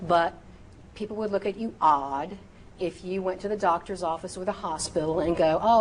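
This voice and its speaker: A woman teaching medical terminology in a recorded lecture, sounding out each term slowly and precisely. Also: lowish voice, fairly even intonation, a little hiss or hum. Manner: slow, precise enunciation of terms.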